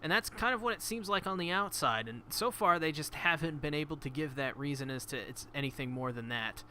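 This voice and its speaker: Bright, rambling man with faint hiss. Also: a little high, animated, a little fast. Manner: rambling with many fillers and restarts. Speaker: podcast guest. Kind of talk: casual anime review chat.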